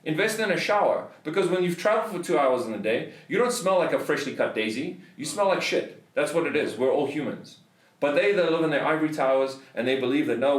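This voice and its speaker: Recorded far from the mic in a reverberant space, this South African man's voice is a little high. As podcast host he tells a casual story through a heated rant full of swearing.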